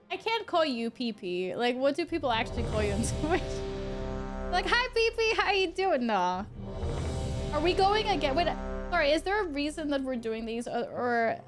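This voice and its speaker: A woman who grew up speaking Swedish, streaming a game and chatting casually with her viewers, humming to herself between remarks. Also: on the high side. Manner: chatty, talks to chat while playing, hums to herself. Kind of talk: casual gameplay chat.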